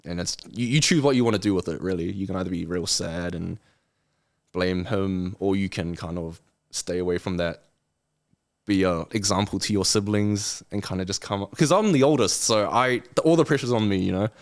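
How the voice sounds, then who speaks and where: Lage, rustige stem van een twintiger. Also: male voice, low-pitched, normal speed. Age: 20s. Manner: earnest and motivational, acting out lazy excuse voices. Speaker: podcast guest. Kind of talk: casual interview chat.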